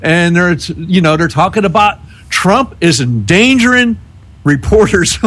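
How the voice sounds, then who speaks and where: A man co-hosting a talk radio show, talking in halting starts and restarts and laughing as he reads news aloud. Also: on the high side, expressive, a bit bright. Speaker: co-host. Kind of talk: casual political talk radio.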